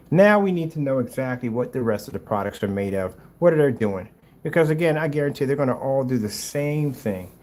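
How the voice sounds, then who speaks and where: Man, sarcastic reaction commentary, exasperated, mid pitch, lively pitch swings. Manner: mocking, exasperated, drifts between loud outbursts and low mutters. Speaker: projector screen paint maker reviewing a rival's video.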